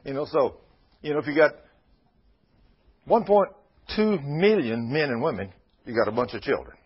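A man's voice: mid-range voice, animated, moderate pace, breathy edge. A man preaching a sermon in a folksy, conversational way, retelling Bible scenes. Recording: muffled lo-fi radio broadcast.

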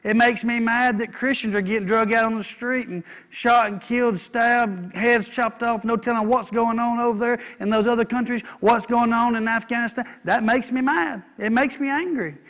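A man's voice: extremely high pitch, fairly even intonation, moderate pace, hardly any pauses, fairly bright tone. A man preaching a sermon, folksy, repeating lines and calling for amens. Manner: folksy, repeats himself, asks the congregation for amens. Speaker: pastor.

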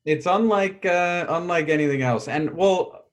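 A man's voice: sits high, a little slow. A man co-hosting a podcast in casual, easygoing chat, laughing now and then. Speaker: podcast co-host.

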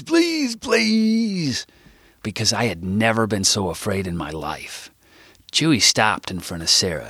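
A man reading his own book aloud as first-person narration, jumping much higher and louder whenever he voices dialogue. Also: no echo, studio quality.

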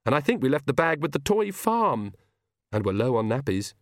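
The recording is studio quality with no echo: a man plays a fretful, earnest young mother in a storybook reading. He pitches his voice above his own, landing at a medium pitch close to an everyday voice, with big pitch swings at normal speed.

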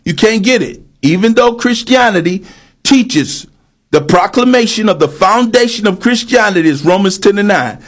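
High-voiced preacher with emphatic delivery. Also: male voice, animated, normal speed. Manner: emphatic, rising to shouts on key points; reads scripture aloud, then explains it. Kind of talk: sermon.

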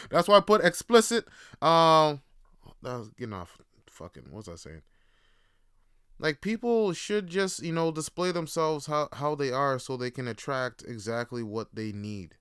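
A man's voice: medium pitch, a bit bright, clear, resonant tone, dry recording, clean studio sound. A man hosting a podcast, talking in a casual, rambling, profane monologue. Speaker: podcast host.

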